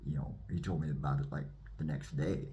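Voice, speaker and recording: Brief: low-voiced male minister, animated testimony storyteller. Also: fairly quick, a little hiss or hum. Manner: animated, acts out scenes. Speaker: minister giving his testimony.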